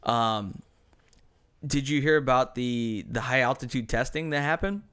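A man's voice: medium pitch, unhurried, fairly bright tone, clear, resonant tone. A young American man co-hosting a podcast in casual chat, rambling and profane, with many hesitant fillers. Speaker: podcast co-host.

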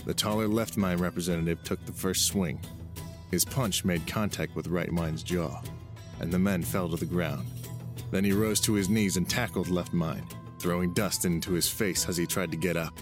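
A man reading an audiobook chapter aloud as narrator, in a steady storytelling way. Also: deep voice, normal speed. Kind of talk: scripted narration. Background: music.

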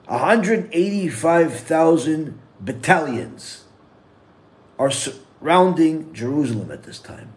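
A man preaching as a rabbi, reciting a psalm in fast Hebrew and then slowly in English, and telling a joke with lively put-on voices. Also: fairly high pitch. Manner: animated storytelling, acts out characters in a joke. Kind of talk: sermon.

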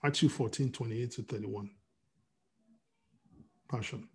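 A man's voice: mid-range voice, unhurried, darkish tone. A man preaching a sermon as pastor, asking the congregation rhetorical questions.

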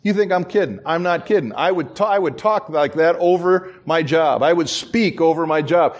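A middle-aged man, a pastor, delivers a sermon in a fairly high voice at normal speed, with hardly any pauses. He narrates stories, gives voice to the figures in them, and chuckles at his own expense.

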